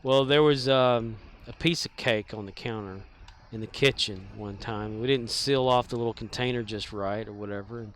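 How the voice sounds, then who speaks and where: A man rambles through stories while he plays a game on stream, his voice at an ordinary middle pitch. He talks in a loose, folksy way, full of fillers, restarts and the odd mild curse. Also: normal speed, few pauses, slight background noise. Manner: meandering storyteller with frequent fillers and restarts. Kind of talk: casual rambling chat while gaming.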